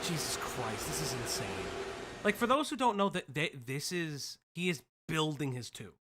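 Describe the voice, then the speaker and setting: A stream host from the United States giving excitable casual commentary, swearing and restarting sentences. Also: medium pitch, normal speed, very noisy.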